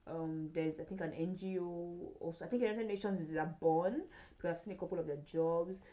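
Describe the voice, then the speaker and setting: A woman's voice: fairly low pitch, a little fast, warm tone, poor audio. A young adult woman vlogging in casual chat, rambling with many fillers and restarts.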